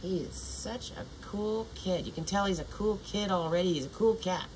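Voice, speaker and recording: A woman's voice: mid-range voice, normal speed, a little mellow, slight background noise, rough recording. An older woman vlogging in a meandering, profane monologue full of restarts. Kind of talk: rambling casual monologue.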